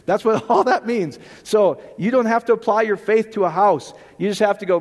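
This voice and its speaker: Male pastor, high voice, animated sermon delivery, reverberant hall. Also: brisk, few pauses. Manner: animated, jokey, rhetorical questions.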